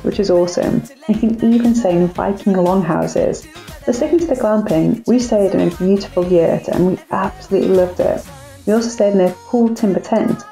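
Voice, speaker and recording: A young woman talks through family trips in a chatty, upbeat way and pokes fun at herself now and then. Her voice is mellow with a gravelly edge, and it sounds like she is in an echoey room. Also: mid-range voice. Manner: chatty, upbeat, self-mocking asides. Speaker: travel vlogger. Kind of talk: family travel vlog narration.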